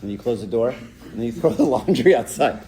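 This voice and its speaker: A man's voice: mid-range voice, animated, a little fast, dark tone. A middle-aged man giving an informal church talk, chatting with listeners, often asking "right?" and acting out short quotes. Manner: conversational, asks "right?" often, acts out quotes. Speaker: church speaker. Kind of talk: informal talk to a youth audience.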